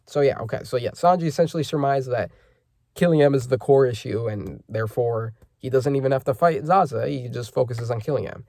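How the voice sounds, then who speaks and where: A man with a mid-range, warm voice and some vocal fry talks briskly, hosting a casual reaction to a manga chapter. He reads the panels aloud and rambles, using lots of fillers and correcting himself. The recording is dry and studio quality.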